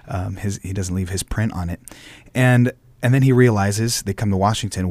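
A man who is a stage actor talks loosely in an interview, circling back over his words. His voice sits very low. The recording is dry, with no room sound. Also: moderate pace, few pauses, darkish tone, no echo. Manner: rambling, many fillers and restarts. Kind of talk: casual interview chat.

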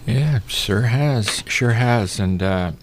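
A man hosting a live radio talk show from a studio, chatting in a relaxed, folksy way. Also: medium pitch, takes it slowly.

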